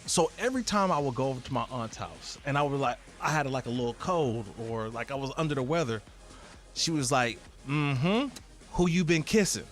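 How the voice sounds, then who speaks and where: A man's voice: medium pitch, brisk, soft background music. A man co-hosting a sports radio show, telling funny stories in casual chat. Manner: lively anecdotes with swooping delivery. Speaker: radio co-host. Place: radio studio.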